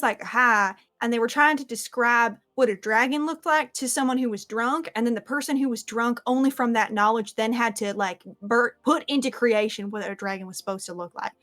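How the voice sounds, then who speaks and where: A woman voicing a foul-mouthed, excitable young squire telling a wild story. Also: on the high side, natural voice.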